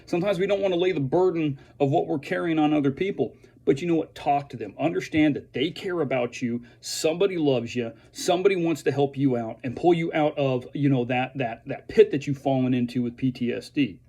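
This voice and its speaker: A man who is a veteran speaks earnestly and haltingly to fellow veterans, restarting his sentences often. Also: fairly high pitch, warm tone. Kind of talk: earnest direct-to-camera message.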